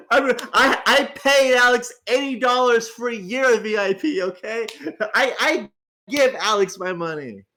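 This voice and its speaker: A man's voice: extremely high pitch, a little slow, bright, forceful tone. A tired, groggy man hosting a casual livestream, rambling, stammering on restarts and swearing freely. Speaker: host.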